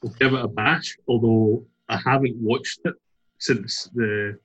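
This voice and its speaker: A man's voice: mid-range voice, steady tone, a little slow, fairly bright tone, husky, poor audio. A Scottish man taking part in a casual quiz, rambling and hesitant as he answers. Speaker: quiz contestant. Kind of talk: casual chat.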